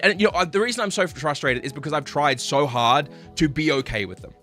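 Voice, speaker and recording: Guy ranting on his stream, swearing a lot, keeps saying sorry, bright sharp tone, faint music under it. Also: animated, brisk. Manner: frustrated, profane, apologetic; swings between loud outbursts and low muttering. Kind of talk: live-stream rant.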